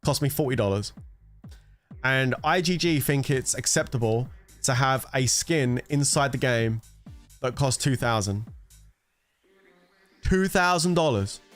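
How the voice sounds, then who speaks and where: A man's voice: mid-range voice, animated, measured pace, long pauses, faint music behind. A man giving heated, profanity-laced commentary, exasperated and ranting about a mobile game. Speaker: gaming content creator.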